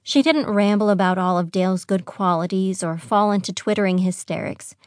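A woman narrating a young adult fantasy audiobook in a measured, even storytelling manner on a close studio mic. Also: medium pitch, no room sound.

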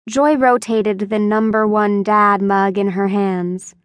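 A woman reading an unabridged young adult novel as audiobook narrator, in a measured, even manner. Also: mid-range voice, no echo. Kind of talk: scripted narration.

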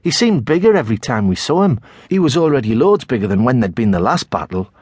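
A middle-aged man with a Tyneside accent narrating a children's novel in the first person, expressive storytelling. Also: mid-range voice, quick pace, breathy edge, dry recording, clean studio sound. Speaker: audiobook narrator.

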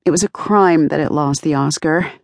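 A woman's voice: low-pitched, creaky, no room sound, clean studio sound. A woman voicing a young female movie executive who talks in an eager, gushing way. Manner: gushing, bright, hurried.

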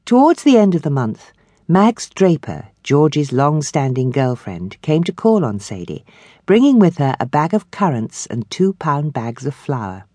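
Lady reading a novel, low voice, lots of lilt, measured, close dry mic. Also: very animated, mellow, no room sound. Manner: measured storytelling. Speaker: audiobook narrator. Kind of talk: scripted narration.

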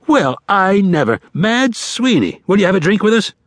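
A man's voice: on the high side, sing-song, moderate pace, vocal fry, breathy edge, dry recording, studio quality, voice pushed up, full character voice. A man voicing Wednesday, a sly, grandiose old con-man god who teases and holds forth theatrically. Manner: expansive, teasing, theatrical.

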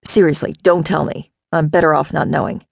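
A woman voicing a gruff, impatient man with a deep growl who talks curtly and dismissively. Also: steady tone, brisk, no room sound, clean studio sound, heavily acted. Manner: curt, dismissive.

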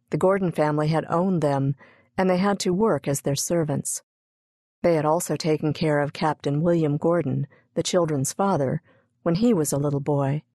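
Low-voiced woman reading a children's book. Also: dark tone, dry recording, clean studio sound. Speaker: audiobook narrator. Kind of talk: scripted children's book narration.

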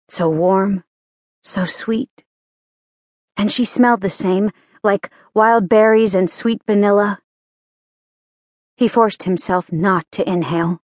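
Reading a romance audiobook from a script, a woman speaks in a mid-range voice with calm, even pacing. The studio-quality recording is dry.

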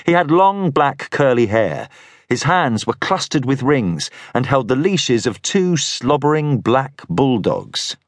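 A male audiobook narrator tells a first-person story slowly and with care, his pitch rising and falling expressively. His voice sits in a middle register. The studio recording is close and completely dry. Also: very animated, dry recording. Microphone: studio microphone.

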